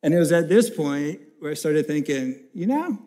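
Animated storytelling man preaching. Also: fairly high pitch, moderate pace. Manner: animated, self-deprecating storyteller, swings from loud to hushed. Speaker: pastor. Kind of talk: sermon with personal storytelling.

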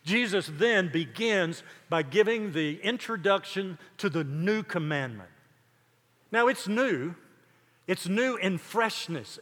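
An older man preaching a sermon, emphatic, building lists of words with dramatic pauses. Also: high-pitched, expressive, fairly bright tone, big-room sound. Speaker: pastor.

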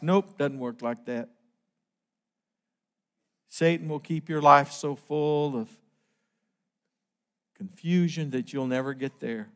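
A middle-aged man preaching a sermon, emphatic and slowing down on key phrases. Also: a little high.

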